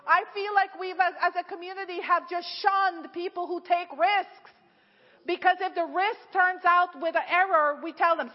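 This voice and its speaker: A middle-aged woman preaching a sermon at her church, telling stories in a lively way with frequent laughs and lots of "like". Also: very high voice, moderate pace. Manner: lively storytelling, laughs often, many "like"s. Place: church sanctuary. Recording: echoey hall, dull lo-fi sound.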